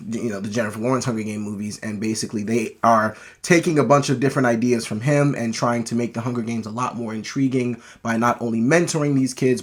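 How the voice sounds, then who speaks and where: A man talks through a movie review in a casual, unscripted way. He gets excited and rambles, often stopping to restart or correct himself. His voice sits at an ordinary middle pitch. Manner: enthusiastic, rambling with frequent restarts.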